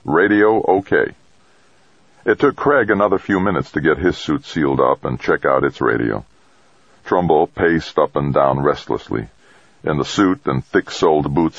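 Very deep, husky male narrator. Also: moderate pace, no echo. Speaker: audiobook narrator. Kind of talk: scripted narration. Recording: dry, dull audio.

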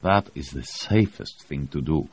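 Man reading a wary, ironic pilot for an audiobook, raised husky voice. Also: very deep voice, lively intonation, measured pace, dry recording, full character voice. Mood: wry. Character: cautious male rover pilot, wry and ironic. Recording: dull lo-fi audio.

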